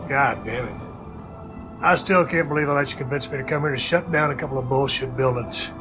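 An actor playing a gruff cursing soldier. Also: male voice, medium pitch, a little fast, natural voice. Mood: irritated. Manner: blunt and profane. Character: gruff, weary male soldier commander, swearing. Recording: film soundtrack with music under it.

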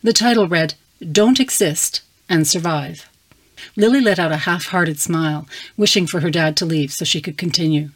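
A woman reading her fantasy story aloud with steady, measured narration. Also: deep voice. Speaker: story reader.

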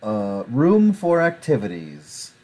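A man co-hosting a casual online show, easygoing and quick to laugh. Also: medium pitch, huge pitch swings, a little mellow. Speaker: podcast co-host. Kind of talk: casual chat.

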